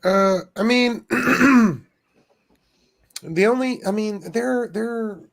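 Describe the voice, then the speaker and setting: A man's voice: extremely high pitch, slow, creaky. A man on a podcast, a guest, telling rambling stories with lots of restarts. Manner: rambling, self-interrupting storytelling. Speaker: guest streamer. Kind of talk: casual podcast chat.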